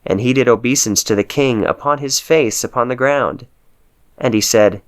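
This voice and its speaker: A man reading scripture aloud with steady, measured narration. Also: medium pitch. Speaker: Bible reader.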